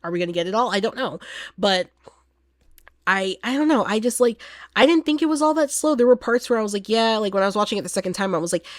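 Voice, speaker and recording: A woman giving a casual, animated vlog review as a horror film reviewer, chatty and laughing often. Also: mid-range voice, fast, no room sound, clean studio sound.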